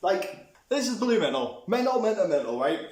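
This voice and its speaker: A man's voice: high voice, big pitch swings, fairly quick, a little mellow. A young man ranting through a movie review, sweary and rambling with many restarts. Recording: echoey room.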